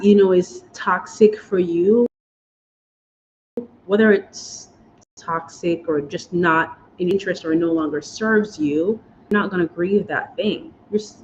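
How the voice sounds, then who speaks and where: Speaking in a lowish, slightly mellow voice, a woman vlogger from the US talks in a chatty, emotional, casual way. She often drops "y'all" and "guys." Sound quality is dull and lo-fi, with a bit of background noise.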